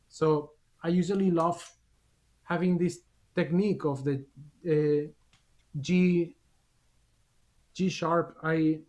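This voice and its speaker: A man's voice: a little high, a little mellow. Man, clarinet teacher, masterclass coaching, video call, short encouraging instructions.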